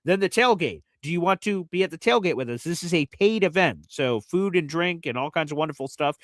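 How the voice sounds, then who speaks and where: A man's voice: on the high side, expressive, brisk, fairly bright tone, no echo. A man hosting a live fan show in casual talk, chatty and enthusiastic, explaining things step by step. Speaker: host of a fan radio show.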